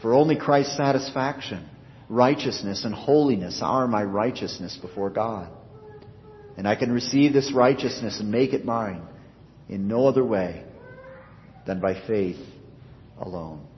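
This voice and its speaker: A man preaching a sermon as pastor, earnest, his voice rising for emphasis and sinking low at the ends of phrases. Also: a little slow, pauses often, a little hiss or hum. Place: church. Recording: dull reverberant church recording.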